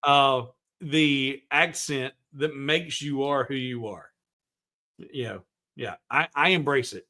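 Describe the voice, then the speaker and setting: Bright-voiced Southern US livestream host. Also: male voice, mid-range voice, slow pace. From American South. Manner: rambling, friendly, many restarts. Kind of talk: casual livestream chat.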